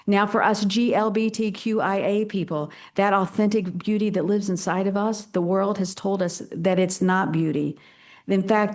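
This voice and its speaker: A woman's voice: fairly low pitch, a little mellow. An older woman pastor delivering a sermon in a playful, dramatic and emphatic way.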